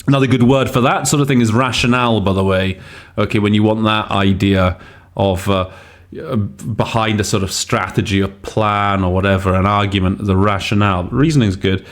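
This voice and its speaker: A man's voice: fairly low pitch, steady tone, moderate pace. A man hosting a podcast on interpreting, explaining word choices casually and thinking aloud with frequent hesitations. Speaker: host and interpreting teacher. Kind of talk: casual teaching podcast commentary.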